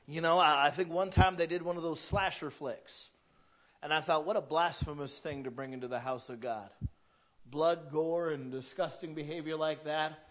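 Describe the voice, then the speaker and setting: A male pastor with a fairly high voice gives a conversational sermon that rises to emphatic, louder peaks. The recording is dull and lo-fi, with the top end muffled.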